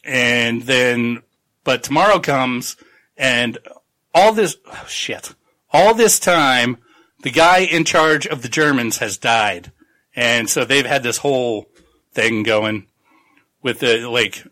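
A man's voice: mid-range voice, takes it slowly, sharp tone, rough recording. A man on a podcast casually recapping a novel's plot, rambling and swearing as he acts out the characters. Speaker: podcast co-host.

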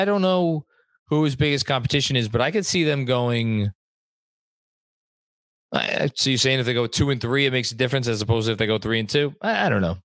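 A man's voice: medium pitch, fairly bright tone, dry recording. A young adult man hosting a casual sports live stream from home, reading out viewer comments with a rambling, chatty manner and some swearing. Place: home room at a computer.

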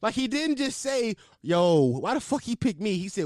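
This young podcast host speaks in a high-pitched voice at a moderate pace, tossing off animated, profane riffs while laughing. It's casual comedic commentary captured in clean studio sound without room noise.

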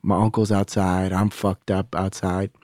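A man guesting on a podcast tells a candid, rambling, profane story in casual conversation, voicing the other people's lines himself. His voice is low and a bit mellow, with a level tone and slightly slow delivery, recorded in studio quality with no echo.

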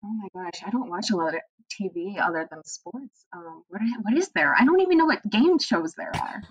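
A woman from near Pittsburgh, a TV sports reporter, answering interview questions in a relaxed way with easy laughs over a remote call. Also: medium pitch, a little fast, slightly rough, no echo, dull audio. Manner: relaxed, laughing easily, lots of fillers. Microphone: remote computer call.

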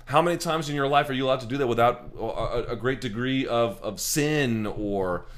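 A man's voice: mid-range voice, normal speed. A man hosting a casual post-fight show, talking loosely and emphatically with lots of fillers and the odd curse. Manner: loose, profane, rambling and emphatic, many fillers. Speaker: MMA show host. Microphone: handheld camera.

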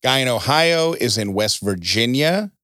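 A man hosting a casual chat show, telling stories with a voice that jumps high for emphasis. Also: animated, a little slow, pushed and bright, dry recording, studio quality. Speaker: podcast host.

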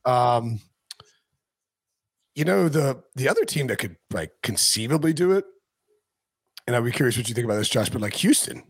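A man's voice: medium pitch, normal speed, pauses often, breathy edge, no echo. A man talking football on a podcast in a casual, rambling way with lots of fillers. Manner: rambling, filler-heavy, animated asides. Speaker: podcast analyst. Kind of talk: casual chat.

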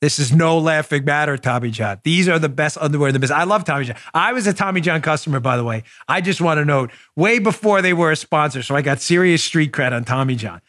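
A man's voice: on the high side, lively intonation, quick pace, hardly any pauses, fairly bright tone, no room sound, clean studio sound. Emphatic man hosting a political talk show. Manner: emphatic, jokey, riffs and does mock voices. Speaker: podcast host. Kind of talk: animated political commentary and sponsor reads.

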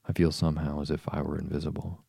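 A man voicing a curious, polite young girl in an audiobook, speaking gently, with a very low, gravelly voice. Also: little pitch movement, fast, no echo, clean studio sound, heavily acted. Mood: gentle wonder. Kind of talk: audiobook reading.

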